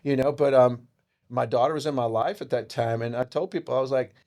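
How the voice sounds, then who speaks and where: Speaking fairly quickly at medium pitch, this podcast guest recounts something deeply personal, veering from boisterous to quiet and choked up. Casual swearing runs through his talk, and he addresses listeners as "dude."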